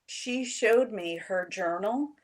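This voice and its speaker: A woman who teaches high school English, telling classroom stories in a casual, animated way and acting out what her students said. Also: takes it slowly. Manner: animated storytelling, acts out students' quotes. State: emotional, near tears. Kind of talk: casual chat.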